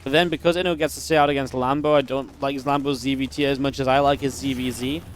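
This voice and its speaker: A man giving live play-by-play commentary on a strategy game match, chatty and upbeat with quick reactions. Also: medium pitch, steady tone, slight background noise. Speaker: esports caster.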